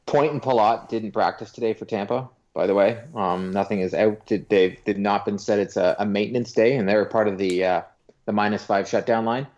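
A man co-hosting a podcast, chatting casually with quick asides. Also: on the low side, steady tone, a little mellow, muffled recording. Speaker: podcast co-host. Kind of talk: casual sports chat.

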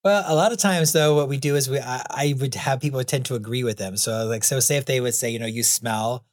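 A man of middle pitch who talks in a loose, rambling way, laughing lightly between thoughts. His voice sounds dry and close, with no room around it. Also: fast talker, dry recording. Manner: rambling, chuckles often, many "you know"s. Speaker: guest, clown and anti-bullying author. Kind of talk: casual interview chat.

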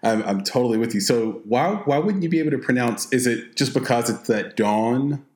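A man hosting a casual interview, chatty and quick to laugh. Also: mid-range voice, lively intonation, darkish tone. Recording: roomy echo.

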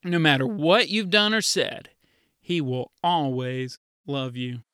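A middle-aged man, a children's pastor, giving a lively storytelling devotional to kids and acting out the voices of children he quotes. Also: fairly high pitch, takes it slowly, clean tone, no room sound, studio quality. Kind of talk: kids' devotional talk.

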